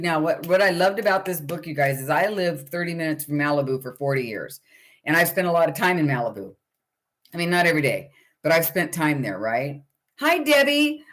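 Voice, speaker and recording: A woman's voice: lowish voice, a bit bright. A middle-aged woman hosting a casual book club livestream, talking in a chatty, rambling way and greeting viewers by name.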